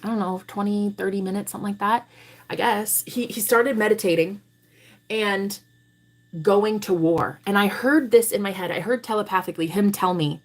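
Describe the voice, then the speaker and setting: A woman with a medium-pitched voice speaks at a moderate pace while hosting a live tarot stream. She tells her viewers a story in a blunt, animated way, swearing plenty as she goes.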